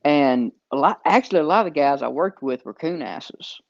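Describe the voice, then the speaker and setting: A man's voice: on the high side, animated, creaky, no room sound, dull audio. A man with a Southern US accent, telling stories in casual chat with plenty of "uh" fillers. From American South. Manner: slow storytelling with frequent fillers. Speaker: podcast host.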